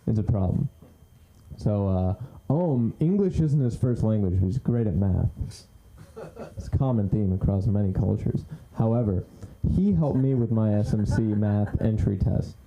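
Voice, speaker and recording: Brash low-voiced man doing stand-up. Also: normal speed, warm tone, lo-fi sound, slight background noise. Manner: brash, loose, profane. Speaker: stand-up comic. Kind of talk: stand-up storytelling. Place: small comedy club stage.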